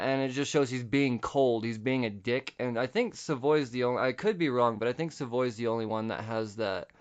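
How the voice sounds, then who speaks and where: A man's voice: medium pitch, smooth. Laid-back, profane man recapping a comic. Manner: loose, profane, laughs at himself. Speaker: podcast host. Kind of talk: casual comic book recap. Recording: slightly dull lo-fi podcast audio.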